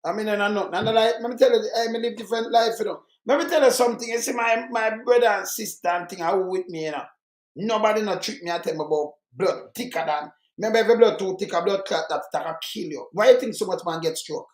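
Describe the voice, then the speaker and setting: A man's voice: high voice, fast talker, roomy sound. An older man with a Jamaican accent, talking in blunt, emphatic casual chat. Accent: Jamaican Patois.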